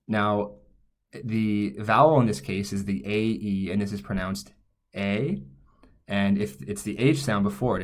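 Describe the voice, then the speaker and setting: Low-voiced man teaching while writing. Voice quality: thinking aloud, frequent self-corrections. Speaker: language teacher. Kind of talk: explaining while writing on screen.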